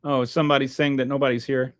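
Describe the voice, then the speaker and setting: A man's voice: mid-range voice, level tone, fast. A man hosting a live stream, reading chat aloud and answering with sarcastic, rambling commentary full of restarts.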